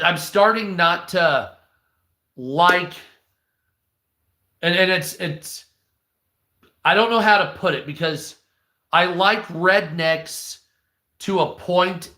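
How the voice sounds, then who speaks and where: A man's voice: fairly high pitch, sharp tone. A man hosting a live stream, ranting in a rambling, profane, mocking way. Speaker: live stream news host. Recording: echoey room.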